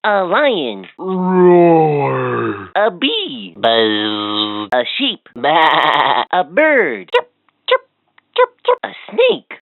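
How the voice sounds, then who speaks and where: A woman's voice: fairly low pitch, no echo, heavily acted. A woman voicing a cheerful, chatty talking learning toy, with encouraging, giggly, joke-telling lines. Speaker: voice of a children's educational toy. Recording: tinny, dry toy speaker audio.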